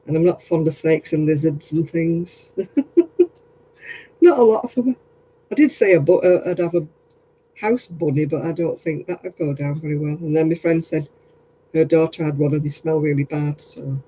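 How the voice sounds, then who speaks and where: A man's voice: on the high side, normal speed, dark tone, breathy edge, low-quality recording. A tired man, chatting casually with livestream viewers as he crafts, rambling and often laughing. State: tired, yawning.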